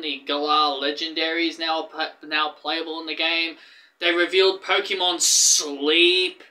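Excitable high-voiced man vlogging. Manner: excitable and rambling, with frequent restarts. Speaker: gaming YouTuber. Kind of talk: casual gaming news vlog.

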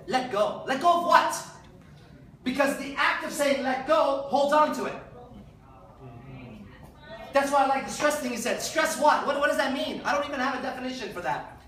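A man's voice: extremely high pitch, brisk, pauses often, recorded from a distance, slight background noise. Profane man lecturing in an echoey hall. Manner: profane, animated, acts out voices. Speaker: seminar speaker. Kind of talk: conference talk. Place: large conference hall.

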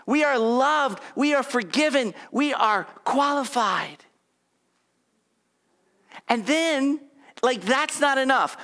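Preaching in an extremely high, bright and forceful voice, this pastor keeps his sermon conversational. He has the congregation repeat affirmations back to him in a call-and-response style.

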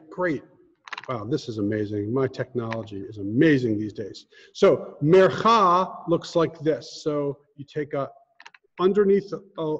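A man leads an online Hebrew prayer lesson, talking slowly and patiently as he explains pronunciation and chants the lines. His voice sits a little high for a man. The audio sounds dull and lo-fi, with a long reverb trailing behind it. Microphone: screen-sharing video call.

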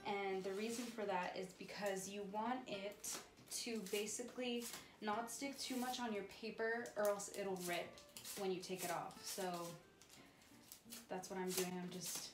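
A woman's voice: medium pitch, fairly even intonation, unhurried, background noise. A young woman chatting casually as she teaches painting at home, rambling and filling gaps with um and like. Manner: chatty, rambling, says um and like a lot. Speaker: vlogger. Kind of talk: casual painting tutorial chat. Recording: roomy echo with music behind.

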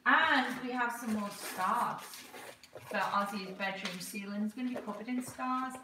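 A woman's voice: fairly high pitch, a little slow. A woman chatting casually on a livestream, talking to her baby and her viewers while she opens gifts. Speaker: livestream host. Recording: echoey room, far from the mic, noisy background.

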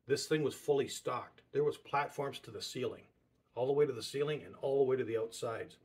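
Husky-voiced man preaching conversationally. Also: medium pitch, fairly quick. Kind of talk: sermon.

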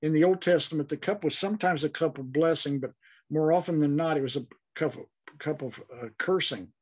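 A man's voice: on the high side, brisk, darkish tone, husky, highs cut off. A man teaching an online Bible class, speaking thoughtfully with frequent fillers and restarts.

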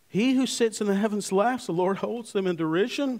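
A male pastor preaches with a high, light voice, leaning hard on key words and then dropping to quiet, low asides. He sounds like he is in a church sanctuary, with long reverb trailing each phrase. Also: a little fast, few pauses. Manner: emphatic, swinging from loud stresses to hushed low asides. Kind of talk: sermon.

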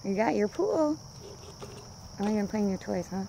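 A woman's voice: medium pitch, lively intonation, measured pace, creaky, warm tone, a little hiss or hum. A woman who rescues wildlife, talking in sing-song baby talk to her animals and laughing often as she films them on her phone. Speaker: wildlife rehabilitator. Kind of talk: casual talk to animals while filming.

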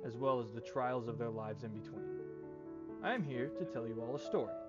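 A man's voice: mid-range voice, muffled recording, lightly acted. A man voicing a grave, all-seeing cosmic narrator in a dramatic, solemn storytelling manner.

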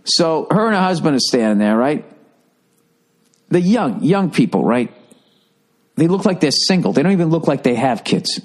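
A man rants on his podcast, swearing freely and sounding exasperated. His voice sits a little high for a man, and he mocks people by mimicking them. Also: very animated, normal speed, pauses often. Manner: profane, exasperated, mocks others in put-on voices. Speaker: podcast host. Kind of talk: casual ranting monologue. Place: home room with birds chirping outside.

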